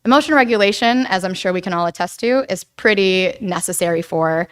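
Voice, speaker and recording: A woman giving a casual, chatty lecture to a church group, animated and often checking in with "right?". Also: medium pitch, fairly quick, clear, resonant tone. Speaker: guest speaker on attachment theory.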